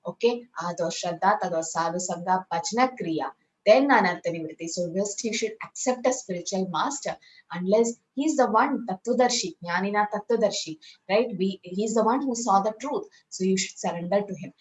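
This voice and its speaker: A woman leads a scripture class. She explains in a chatty, conversational way and keeps checking in with her listeners. Her voice sits at an ordinary middle pitch. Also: fairly quick, low-quality recording. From India. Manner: conversational, often asking "right?". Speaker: spiritual class teacher.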